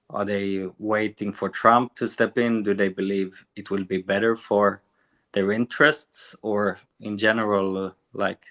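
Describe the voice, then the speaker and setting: A half-Israeli man, a podcast guest, speaking in a halting, unsure way with many fillers. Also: lowish voice, a bit bright. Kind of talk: casual conversation.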